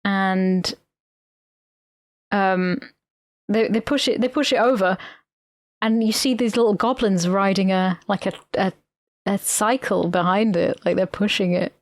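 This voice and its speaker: A woman's voice: mid-range voice, unhurried, pauses often, no room sound, clean studio sound. A woman co-hosting a podcast, retelling a film in a rambling, sweary way. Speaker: podcast co-host. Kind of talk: casual film-recap chat.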